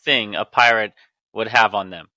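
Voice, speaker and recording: A man's voice: fairly low pitch, normal speed, pushed and bright. A man co-hosting a podcast as an internal medicine doctor, joking and teasing his co-host with quiz-style questions in casual banter.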